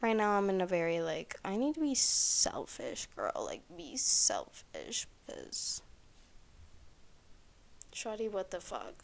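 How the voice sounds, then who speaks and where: A woman's voice: medium pitch, creaky. Young woman podcaster just rambling, says like constantly, swears a lot, super casual. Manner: rambling, lots of "like", swears freely. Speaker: podcast host. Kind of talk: casual solo chat.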